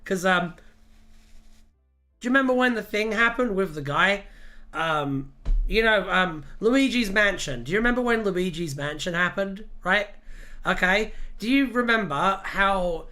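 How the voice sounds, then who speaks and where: Guy on a livestream, bright high voice, keeps laughing, rambly. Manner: animated, laughs often, rambling rants. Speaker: livestream host. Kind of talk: casual livestream chat.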